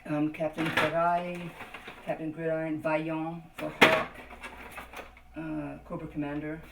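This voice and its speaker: A woman with a low voice walks through her toy collection in an unhurried show-and-tell. She stops often with ums and starts her sentences over as she reads the labels out. The home video carries a steady hiss of noise behind her. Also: gravelly. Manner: halting, lots of ums and restarts, reading out labels. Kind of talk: casual show-and-tell narration.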